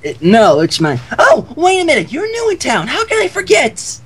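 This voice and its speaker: A man performs an exaggerated character voice, a brash, crude redneck who cracks rude jokes in a rowdy mood. He pitches it extremely high, above his own voice, with a fairly bright tone, huge pitch swings, and normal speed.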